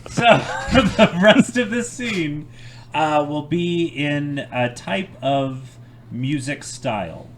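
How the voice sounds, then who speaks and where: A man hosting an improv show, giving drawn-out prompts. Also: fairly high pitch. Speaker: improv host. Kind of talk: casual chat. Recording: faint background noise.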